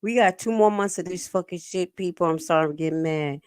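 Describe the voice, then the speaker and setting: A woman's voice: lowish voice, a little fast, clean tone, no room sound, studio quality. A woman hosting a live stream, commenting on meeting clips in a sassy, profane, emphatic way.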